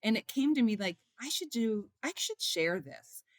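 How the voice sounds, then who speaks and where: A woman's voice: fairly high pitch, big pitch swings, moderate pace, no room sound. Middle-aged woman, emotional storyteller, interview guest, dry close sound. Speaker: guest, author and mother.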